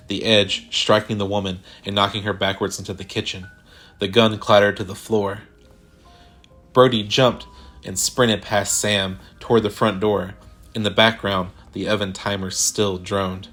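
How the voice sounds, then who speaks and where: A man reading a sci-fi horror short story aloud in a measured, deliberate way. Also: lowish voice, a bit bright. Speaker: narrator. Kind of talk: scripted horror story narration.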